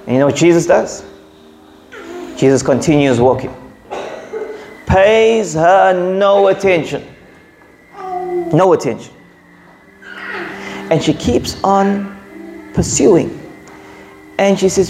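Male preacher, emphatic sermon delivery, high voice with gravel, faint music behind. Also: animated, measured pace, long pauses, a little mellow, a little hiss or hum. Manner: emphatic, repetitive, joking asides.

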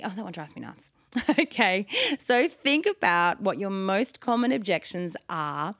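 A woman's voice: medium pitch, animated, measured pace, fairly bright tone, no room sound, studio quality. A woman hosting a solo instructional podcast, talking in an upbeat coaching tone and ending her points with confident downward inflections. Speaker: podcast host and sales coach.

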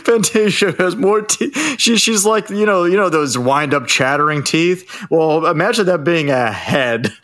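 A man's voice: a little high, animated, a little slow, few pauses, a bit bright. A man co-hosting a podcast, chiming in with jokey asides about a film, laughing often and hesitating with fillers. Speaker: podcast co-host. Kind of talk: casual film recap chat.

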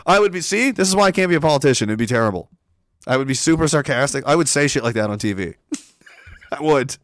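Young man, profane sarcastic ranter, high-pitched and bright. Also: animated, brisk, no room sound. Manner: sarcastic, profane, exasperated, laughs a lot. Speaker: commentator. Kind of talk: ranting comedic commentary.

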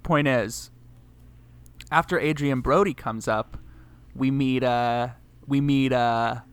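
A man co-hosting a casual film-recap podcast, telling the story in an animated way and acting out characters' lines. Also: medium pitch, slow pace, clean tone. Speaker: podcast co-host.

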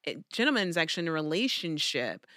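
A woman from the South speaks in a casual co-host chat. Her voice is a little low in pitch for a woman but bright and forceful. She tells stories emphatically, and the close sound is dry. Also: quick pace, no echo. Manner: animated storyteller, emphatic and talkative. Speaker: podcast co-host.

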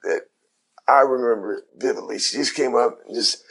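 Man, middle-aged, from Ohio, former basketball pro, casual storytelling, gravelly, husky. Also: mid-range voice, normal speed. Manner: animated retelling with quoted dialogue, slangy.

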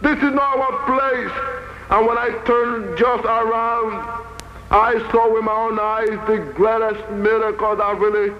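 A man telling his testimony as a sermon, earnest and halting, repeating his phrases for weight. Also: extremely high pitch, dull audio, noisy background. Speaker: speaker giving a testimony.

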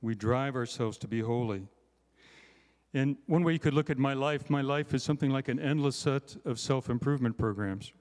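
A man's voice: mid-range voice, normal speed, darkish tone. A man delivers a sermon in a casual, joking way, tossing in frequent "right?" asides to the listeners. His voice sits in the middle of the male range. The sound carries a long reverb from a large hall. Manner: conversational, self-deprecating, frequent "right?" asides. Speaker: conference speaker.

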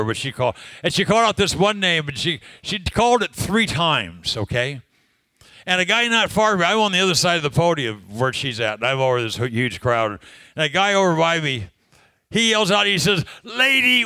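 A man preaches a sermon, telling a personal story conversationally, laughing often and asking the congregation questions. His voice is a little high with a sharp tone, and there's no room sound.

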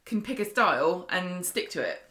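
A woman's voice: fairly low pitch, big pitch swings, normal speed, sharp tone. A woman co-hosting a podcast in casual chat, playful and sarcastic. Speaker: podcast co-host.

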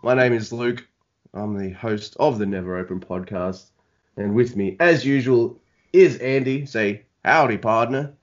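A man's voice: lowish voice, unhurried, a little mellow, dull audio. A man hosting a podcast in casual, rambling, self-deprecating chat. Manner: rambling, self-deprecating, many fillers and restarts. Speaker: podcast host.

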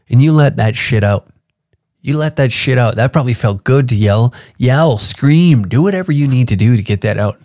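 A man's voice: mid-range voice, darkish tone, no room sound. Brash guy hosting a comedy podcast, swears a lot, dry close sound. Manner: brash, profane, mock-therapeutic. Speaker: podcast host. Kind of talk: casual comedy podcast rant.

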